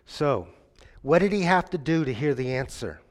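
A man's voice: a little high, expressive, moderate pace. Man, preacher, interactive sermon, asks the room questions, storytelling, long hall reverb. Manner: questions the audience and invites answers; tells stories, acting out voices.

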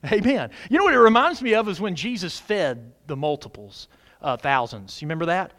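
A middle-aged man preaching a sermon, putting questions to the congregation and answering them, swinging between loud exclamations and quiet asides. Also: sits high, sing-song, brisk. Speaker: pastor.

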